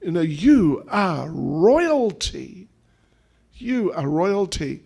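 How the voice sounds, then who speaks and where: A man's voice: sits high, big pitch swings, drawn-out words, gravelly, a little mellow, breathy edge, exaggerated voice. A man voicing a divine young cowherd prince who teases and then pleads earnestly, speaking with emphatic questions. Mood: teasing. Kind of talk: acted quotes within a sermon.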